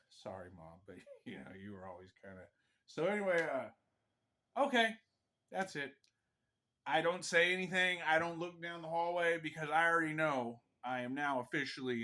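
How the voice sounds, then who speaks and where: A man from Pennsylvania telling a personal ghost story in a rambling, animated way, often tacking on "right?". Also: on the high side.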